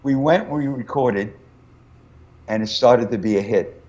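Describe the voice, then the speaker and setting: A man's voice: mid-range voice, measured pace, highs cut off. An older male singer chatting as an interview guest, telling stories about his life and family. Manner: storytelling, animated when quoting family. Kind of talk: casual interview chat.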